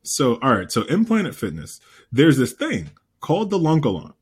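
A man co-hosting a podcast in casual chat, an animated storyteller who repeats himself and swears freely. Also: mid-range voice, normal speed, breathy edge. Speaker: podcast co-host.

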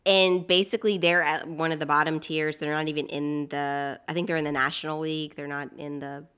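A woman co-hosting a podcast in relaxed, easygoing casual chat with some teasing. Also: sits low, fairly quick, clear, resonant tone. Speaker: podcast co-host.

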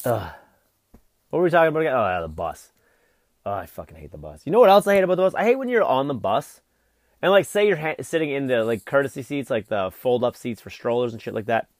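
A man's voice: mid-range voice, big pitch swings, a little fast, no echo, studio quality. A young adult man hosting a vlog, delivering an exasperated, profane solo rant full of fillers. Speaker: vlog host.

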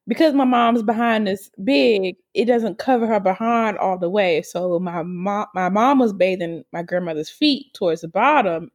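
A woman co-hosting a casual chat, telling a family story with lots of laughter, cursing and loud exclamations. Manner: animated, laughing often, swearing, high-pitched exclamations.

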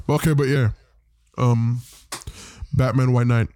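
A man's voice: mid-range voice, moderate pace, warm tone, dry recording, studio quality. A man hosting a podcast, casually recapping a comic in a rambling, profane way and briefly putting on voices for the characters. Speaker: podcast host.

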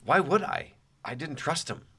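In a casual monologue, a middle-aged podcast host reflects on his memories conversationally, adding wry asides. He speaks at normal speed in a fairly high, sing-song voice that is fairly bright and husky, with vocal fry.

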